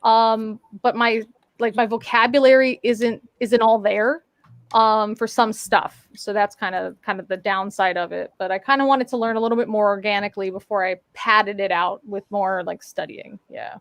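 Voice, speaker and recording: A woman's voice: mid-range voice, fairly even intonation, normal speed, no echo, clean studio sound. A woman in casual chat on a live stream, telling a story with lots of fillers and playful voice mimicry. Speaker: guest on a live talk stream.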